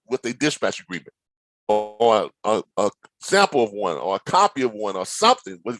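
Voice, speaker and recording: A man, a logistics trainer walking viewers through a load board, animated and playfully dramatic with teasing asides. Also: medium pitch, no echo, low-quality recording. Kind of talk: screen-share tutorial talk.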